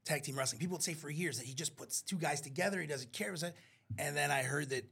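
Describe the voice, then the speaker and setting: Male interview guest, raspy and gravelly, animated storyteller. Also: fairly high pitch, fast talker. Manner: animated storyteller, acts out quotes. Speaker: wrestling promoter guest. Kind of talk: casual interview chat.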